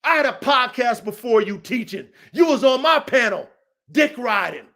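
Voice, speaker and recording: High-voiced man ranting angrily. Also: animated, normal speed, pushed and bright. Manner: profane, repetitive, confrontational. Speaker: dog trainer and show host. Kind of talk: heated podcast rant.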